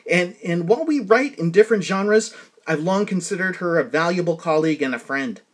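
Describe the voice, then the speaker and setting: A man's voice: high voice, lively intonation, a little fast. A man hosting a podcast interview, talking casually, with frequent restarts and fillers. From New England. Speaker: podcast host.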